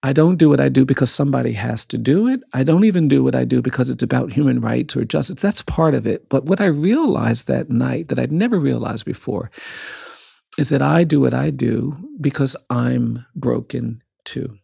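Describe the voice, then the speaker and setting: A man tells a personal story as a guest on a podcast, his voice rough and gravelly with a husky grain. He speaks in an earnest, measured way and lets repeated phrases pile up for emphasis. The sound is close and dry. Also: mid-range voice, expressive, mellow, dry recording. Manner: measured, earnest, builds emphasis through repetition.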